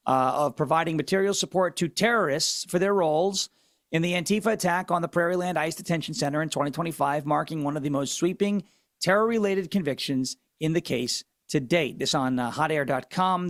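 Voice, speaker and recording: A male talk radio host speaks in a notably high voice, recorded close and dry in the studio. His monologue is opinionated and sarcastic, with mocking asides and hard, punchy emphasis on key words. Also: no room sound.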